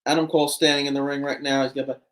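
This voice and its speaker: A man co-hosting a wrestling watch-along, commenting casually and breaking into loud excited exclamations. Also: mid-range voice, very fast.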